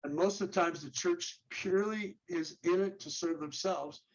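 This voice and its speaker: A man's voice: high-pitched, moderate pace. Earnest man on a dull lo-fi recording. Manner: earnest, lists steps and rhetorical questions, repeats and restarts words. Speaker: guest, men's ministry leader. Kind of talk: instructional interview talk.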